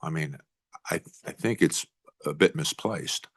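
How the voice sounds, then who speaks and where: A man's voice: a bass voice, measured pace, fairly bright tone, husky. A middle-aged man, a state senator, questioning a witness in a committee hearing in a blunt way, with frequent restarts. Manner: blunt, repeats himself, restarts often.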